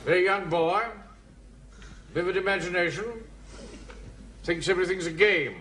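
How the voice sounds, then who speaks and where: An actor playing a pompous, bossy middle-aged captain who gives orders. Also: male voice, high voice, fairly even intonation, moderate pace, lightly acted. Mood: commanding. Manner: pompous, commanding. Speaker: platoon captain. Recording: noisy old television audio.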